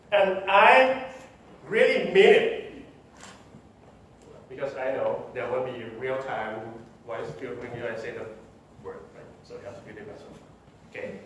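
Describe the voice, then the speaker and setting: A man's voice: medium pitch, a little hiss or hum. A middle-aged man from Thailand with a Thai accent gives a talk at a tech meetup, joking at his own expense and putting questions to the audience. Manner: self-deprecating, joking, asks the audience questions. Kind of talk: conference talk. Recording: echoey room from far off.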